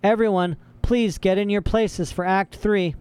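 A man voicing a harried stage manager in an audiobook, shouting out announcements. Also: sits high, normal speed, clean tone, pitched above the performer's own voice, natural voice. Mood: urgent.

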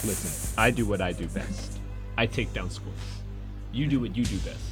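A man's voice: fairly low pitch, normal speed, over music, pitched below the performer's own voice, natural voice. A man reading the part of a hardened male career criminal in an amateur script read, clipped and defiant.

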